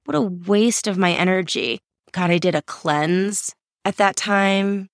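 A woman in her forties, a podcast host answering questions in a candid, self-mocking, animated way. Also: mid-range voice, measured pace, no echo, clean studio sound. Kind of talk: casual interview answers.

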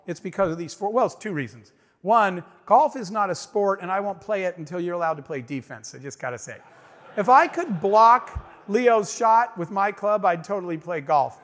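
A middle-aged man gives an inspirational stage talk, telling his story with emphasis and turning often to address the crowd. His voice sits high for a man. Long reverb trails each line, as in a big hall. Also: animated, normal speed. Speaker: motivational speaker.

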